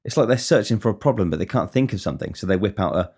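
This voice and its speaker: A man's voice: lowish voice, animated, racing, darkish tone, husky. A man talking casually on his podcast in a rambling monologue, swearing constantly and wryly. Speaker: podcast host.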